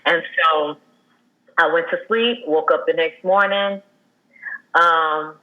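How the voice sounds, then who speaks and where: A woman's voice: low-pitched, steady tone, highs cut off. Earnest woman telling a personal story. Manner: earnest and halting, with many fillers and restarts. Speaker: guest sharing a personal loss story. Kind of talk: candid conversational storytelling.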